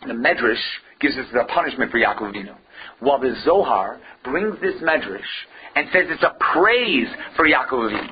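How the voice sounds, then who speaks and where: A man's voice: medium pitch, expressive, brisk, dull audio, slight background noise. A man teaching a Torah lecture emphatically, firing off rhetorical questions and using Hebrew and Yiddish terms.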